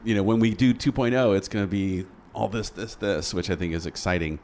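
A man with a fairly low voice hosts a conversation, enthusiastic and encouraging as he asks his guest questions. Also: brisk, a little mellow, slight background noise. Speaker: interviewer and consultant. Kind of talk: casual interview conversation.

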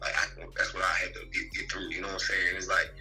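A man in casual podcast chat, telling his own story fast, with lots of swearing and fillers. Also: low-pitched, level tone, pushed and bright, faint music behind, low-quality recording.

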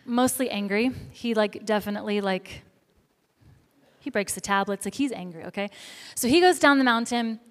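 A woman preacher delivering a sermon, telling a story in a lively, animated way and acting out the voices of the people in it. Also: medium pitch, normal speed. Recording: echoey hall reverb.

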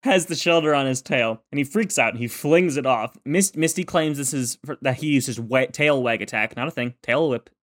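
Male podcast co-host, mid-pitched, dry sarcastic recapper who drops a curse now and then. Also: brisk, few pauses, a bit bright. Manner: wry, swears casually, pops into high mocking impressions. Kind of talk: casual chat, recapping episodes.

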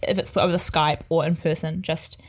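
Young woman, chatty photographer, lowish voice, loose fillers. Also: flat delivery, normal speed, slightly rough. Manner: chatty, many fillers and laughs. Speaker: wedding photographer. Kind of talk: casual podcast chat.

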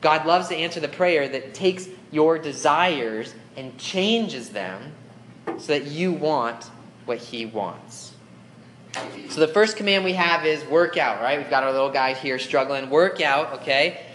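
A man's voice: on the high side, unhurried, a bit bright, a little hiss or hum. Young male youth pastor, chatty sermon delivery, roomy echo. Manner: casual, conversational preaching with fillers; acts out whiny grumbling voices. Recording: echoey room with faint ambience.

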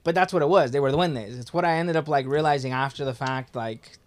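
A man's voice: medium pitch, fast talker. A young man telling a story in casual talk, laid-back and profane, with lots of filler words.

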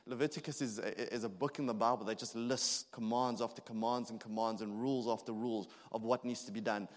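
A man in his thirties preaching a sermon, earnest and halting, with frequent restarts and fillers. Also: mid-range voice, fairly even intonation. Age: 30s. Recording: long hall reverb.

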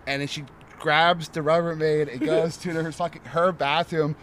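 A man's voice: on the high side, moderate pace. Rambling, profane man telling stories. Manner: rambling, profane, heavy on filler words; animated storytelling. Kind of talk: casual podcast chat. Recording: loud crowd noise behind.

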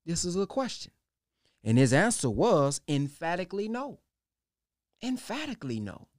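A man's voice: big pitch swings, moderate pace, no room sound, studio quality. A man preaching a sermon emphatically, posing rhetorical questions to his listeners. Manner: emphatic, rhetorical questions, pitch swinging widely.

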